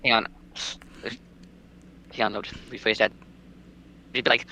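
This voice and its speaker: A man in a casual comedy chat, riffing quick jokes. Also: lowish voice, flat delivery, gravelly, pushed and bright, a little hiss or hum, low-quality recording.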